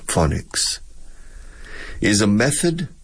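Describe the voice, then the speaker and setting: Gravelly, deep-voiced male English teacher. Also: very animated, takes it slowly. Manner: explanatory, repeats words to demonstrate pronunciation. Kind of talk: radio English lesson.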